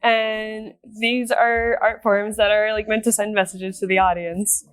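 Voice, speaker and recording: A woman's voice: mid-range voice, flat delivery, unhurried, clean tone. A woman being interviewed as a guest performer, giggly and enthusiastic in casual chat.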